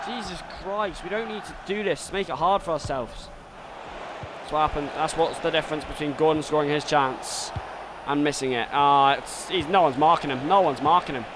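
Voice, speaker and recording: A man streaming a football game, commentating live and swinging between muttering and excited shouting. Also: on the high side, moderate pace, crowd noise, background noise.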